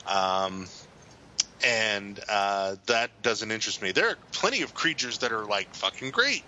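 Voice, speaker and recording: A man's voice: on the low side, expressive, a little slow, bright, forceful tone, highs cut off, a little hiss or hum. A man co-hosting a podcast in casual chat, rambling and hesitant with a lot of fillers. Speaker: podcast co-host.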